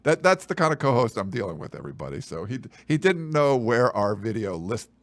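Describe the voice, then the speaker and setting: A man's voice: mid-range voice, very animated, fairly quick, no room sound. A man co-hosting a sports podcast, joking and rambling through plugs and sponsor reads while teasing his co-host. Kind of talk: casual chat with sponsor reads.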